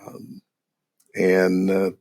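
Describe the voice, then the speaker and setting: A middle-aged man from the United States, a podcast guest in casual chat, easygoing and halting with many fillers. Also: low-pitched, monotone, vocal fry, a little mellow.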